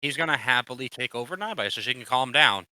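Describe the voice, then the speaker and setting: Bright-voiced profane game master man. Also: mid-range voice, lively intonation, fast, poor audio. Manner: casual, profane, playful. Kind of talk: narrating a tabletop game.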